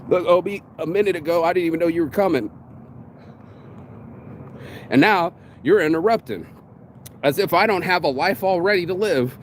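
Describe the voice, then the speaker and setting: A man's voice: sits high, normal speed, pauses often, slight background noise. A man delivering a profane, rambling rant, circling back with restarts as he talks. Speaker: vlogger. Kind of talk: ranting monologue.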